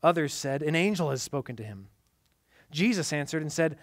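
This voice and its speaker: A man preaching a sermon in a slightly high voice. He swings between loud, emphatic lines and hushed, quiet passages. The sound is dry and close, with no room echo. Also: animated, normal speed. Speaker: pastor.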